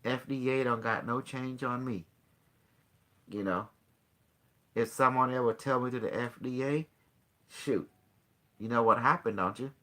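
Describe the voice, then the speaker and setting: A man's voice: mid-range voice, unhurried, long pauses, bright, forceful tone. Rambling call-in show host man. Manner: rambling, loose and boastful. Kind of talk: casual call-in talk.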